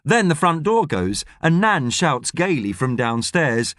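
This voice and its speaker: Expressive man reading an audiobook. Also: a little high, unhurried, no room sound, clean studio sound. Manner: expressive storytelling. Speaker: audiobook narrator. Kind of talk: scripted narration.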